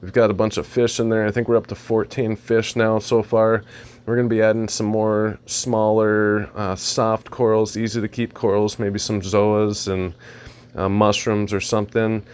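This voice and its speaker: Low-voiced man rambling through his aquarium setup. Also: normal speed, smooth. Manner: relaxed, rambling, with fillers and asides. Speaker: aquarium hobbyist vlogger. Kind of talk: casual equipment walkthrough. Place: home, beside a reef tank.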